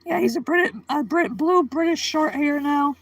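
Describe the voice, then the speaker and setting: A woman's voice: high voice, normal speed, no room sound, low-quality recording. A woman hosting a casual livestream, chatting with viewers by name and giggling often. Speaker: livestream host. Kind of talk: casual live-stream chat.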